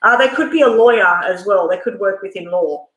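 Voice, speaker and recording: A woman's voice: mid-range voice, brisk, fairly bright tone, echoey room, low-quality recording. A middle-aged Australian woman giving a rambling, frank tarot reading on a live stream. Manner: chatty, rambling, frank with mild swearing. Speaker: tarot reader.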